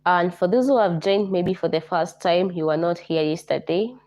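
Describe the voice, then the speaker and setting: A Kenyan woman hosting a casual livestream, hoarse from a flu, greeting viewers by name and repeating herself often. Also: fairly low pitch, moderate pace, darkish tone. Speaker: livestream host.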